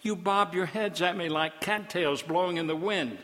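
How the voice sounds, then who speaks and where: A man's voice: a little high, measured pace, fairly bright tone. A man voicing God as an exasperated, scolding figure who fires off scornful rhetorical questions, heard with a long hall reverb.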